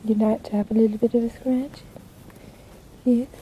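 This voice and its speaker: A woman's voice: on the high side, little pitch movement, moderate pace, phone-quality sound, a little hiss or hum. A woman filming her cat in a garden, cooing and teasing him in affectionate baby talk. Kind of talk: casual baby talk to a pet. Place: garden, outdoors.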